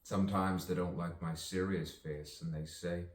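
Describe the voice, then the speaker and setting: Speaking at normal speed in a deep voice and hardly pausing, an actor and poet improvises spoken-word pieces in a musing, playful manner, chuckling between lines. The audio is roomy, recorded from some distance.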